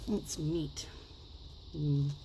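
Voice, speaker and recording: A woman talks slowly and rather low as she demonstrates a craft at her table. She gushes over each result and rambles from thought to thought, now and then sinking to a whisper. A faint hum of room noise sits behind her. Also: mellow, poor audio. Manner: gushing, rambling, chatty, drops into whispers. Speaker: craft vlogger.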